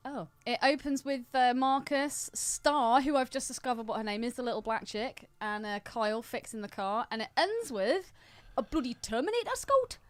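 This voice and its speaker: A woman's voice: on the high side, expressive, normal speed, no room sound. A woman co-hosting a podcast in a studio, teasing and swearing in casual banter. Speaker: podcast co-host.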